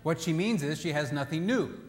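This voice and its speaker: In an echoey hall, a man with a slightly high, animated voice talks briskly over faint background noise. He's giving a humorous marriage seminar, telling stories, acting out the quotes in them and mixing in scripture like a jokey storyteller.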